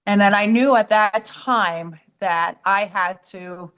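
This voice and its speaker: A woman from the United States tells her own story as a podcast guest, playing out what others said to her. Her voice sits at a middle pitch. The sound is somewhat dull and lo-fi. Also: takes it slowly, clear, resonant tone. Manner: animated storytelling, acts out quoted voices. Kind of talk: personal storytelling.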